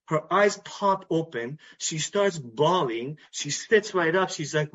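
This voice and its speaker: A man with a Canadian English accent giving an earnest personal talk at a recovery meeting, repeating phrases and pausing to restart. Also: on the high side, fairly bright tone. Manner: earnest, repetitive, with pauses and restarts. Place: meeting hall. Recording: dull lo-fi recording.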